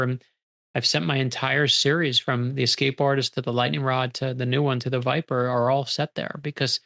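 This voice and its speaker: A middle-aged man with a gravelly, slightly creaky voice, talking in an interview. He recounts his stories with energy, acting out the lines of the people in them as he goes. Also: medium pitch. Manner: animated storyteller acting out quoted dialogue. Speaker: author guest. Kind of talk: storytelling interview conversation.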